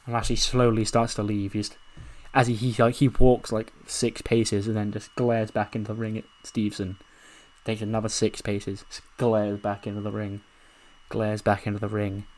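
Excitable man narrating a game's story. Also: lowish voice, normal speed. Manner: excited, swearing, laughing at his own story. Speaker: video game commentator. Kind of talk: casual narration of a wrestling game.

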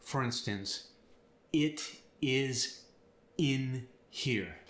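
A man teaching accents and explaining sounds step by step in an upbeat, clear way. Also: medium pitch, drawn-out words, a bit bright, echoey room. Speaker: accent coach. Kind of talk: instructional video.

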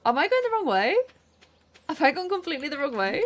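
A woman hosting a co-op gameplay video, bubbly and excitable, with lots of gasps. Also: sits high, fast. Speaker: gaming channel host. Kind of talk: co-op let's play commentary.

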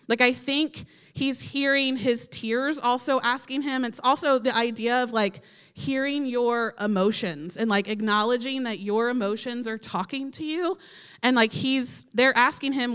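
A young woman giving a casual youth sermon, talking in a relaxed way with many "like" fillers. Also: on the high side, moderate pace, smooth. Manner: casual, filler-heavy with frequent "like". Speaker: youth speaker. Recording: reverberant hall.

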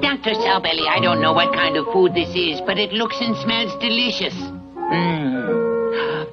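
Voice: mid-range voice, expressive, measured pace, close to an everyday voice. An actor playing a fussy, easily alarmed ship's doctor in an old cartoon dub. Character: fussy male ship doctor. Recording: dull old dub with music.

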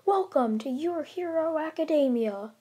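A woman voicing a jovial adult male hero mentor who announces results slowly. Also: high-pitched, lively intonation, mellow, voice pushed up. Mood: proud.

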